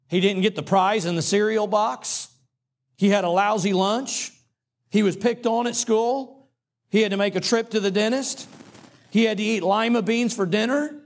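A middle-aged male pastor preaching a sermon in a folksy, humorous way, with dramatic pauses. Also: sits high.

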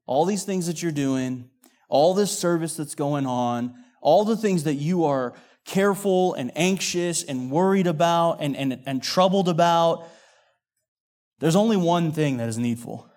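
A man preaching a sermon, telling the story with acted-out quotes, rising loud and dropping hushed. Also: a little high, lively intonation, measured pace.

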